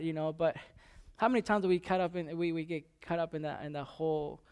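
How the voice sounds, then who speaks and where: A man's voice: fairly high pitch, fairly even intonation, fast, smooth. A man giving an informal sermon, talking conversationally with many restarts and fillers. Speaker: preacher.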